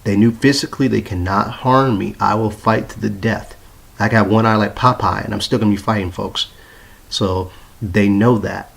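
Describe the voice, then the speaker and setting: A man's voice: on the low side, fairly even intonation, moderate pace, gravelly, breathy edge. A man venting in an aggrieved, repetitive way to his phone in his apartment room, swearing as he talks. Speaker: vlogger. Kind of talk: ranting phone video to viewers. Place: apartment bedroom. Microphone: handheld phone.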